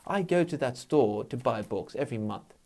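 Man hosting a solo talk episode, mid-pitched, blunt, swears freely, frustrated and fired up. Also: expressive, normal speed, gravelly, darkish tone. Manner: heavy swearing, frank; worked-up, venting frustration. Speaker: podcast host. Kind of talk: casual solo monologue.

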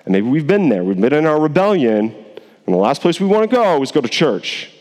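A male pastor preaching a sermon in a casual, animated way, acting out the characters in quick voices. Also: fairly high pitch, big-room sound.

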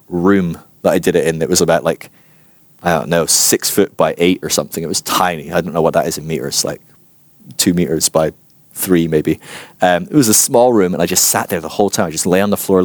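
A man giving a personal testimony talk, telling his story with animated, self-mocking humor. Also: deep voice, no room sound. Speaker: Christian teacher.

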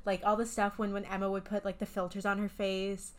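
A woman's voice: mid-range voice, level tone, a little fast. A woman co-hosting a podcast in casual chat, talking enthusiastically and candidly with some swearing. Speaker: podcast co-host.

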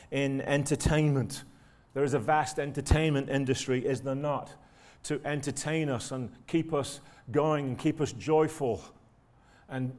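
A man's voice: medium pitch, darkish tone. A man preaching a sermon in a church, speaking conversationally and often turning to the listeners with rhetorical tag questions.

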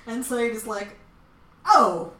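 Woman co-host, lowish voice, lively and self-mocking, recorded in an echoey room with faint noise. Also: normal speed. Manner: animated, self-mocking, laughs often. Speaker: podcast co-host. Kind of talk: casual chat recapping a TV episode.

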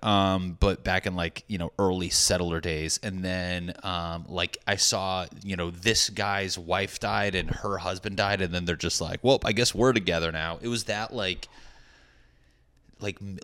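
A man's voice: sits low, a bit bright, clear, resonant tone. A young adult man, a stand-up comedian, rambling through a profane, jokey casual monologue to his viewers.

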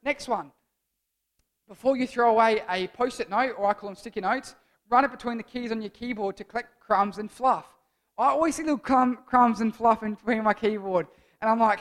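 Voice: mid-range voice, fairly quick. A young adult giving a casual, jokey youth sermon as a church speaker, rambling and playful.

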